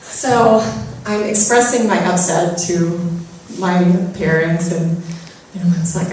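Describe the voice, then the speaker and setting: Her voice sits low and a little mellow, and she speaks unhurriedly with few pauses, sharing humorous personal anecdotes at her own expense in an inspirational talk to a crowd. Slight noise and strong room echo are audible, since the mic is far away.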